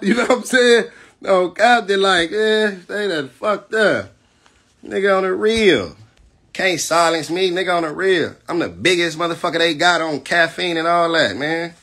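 A man delivers a defiant, profane livestream rant as a battle rapper. His voice sits high for a man and has a husky edge. He talks aggressively and keeps checking in with his listeners. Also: a bit bright. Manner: keeps asking "you know what I'm saying".

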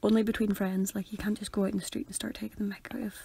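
A woman's voice: medium pitch, level tone, gravelly, mellow, breathy edge, no room sound. A young woman with a Northern Irish accent, co-hosting a podcast in joking casual chat. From Northern Ireland. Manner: chatty and joking, quick banter. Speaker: podcast co-host.

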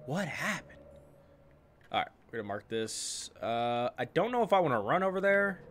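A man's voice: mid-range voice, sing-song, brisk, a little hiss or hum. A man giving casual, joking commentary over his own game footage. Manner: chatty, joking, loud outbursts. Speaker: gaming YouTuber.

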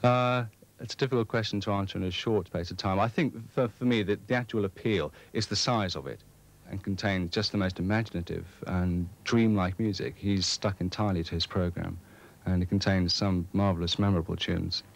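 A man's voice: sits low, fairly even intonation, fairly quick, vocal fry, hardly any pauses. A young man organising a student music society, talking earnestly through plans with frequent hesitations. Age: young adult. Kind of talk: committee discussion and radio interview.

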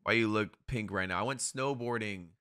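A young man doing live reaction commentary on an anime, excitable and profane, shouting at the screen. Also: on the low side, moderate pace, smooth.

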